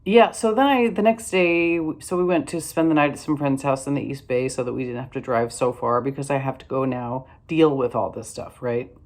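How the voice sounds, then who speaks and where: A woman's voice: a bass voice, fairly even intonation, a little fast, hardly any pauses, a little mellow. Older lady vlogging, worn out, rambly and wry, lots of ums and false starts. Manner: rambling, wry, many fillers and restarts. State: tired. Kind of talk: casual storytelling to camera.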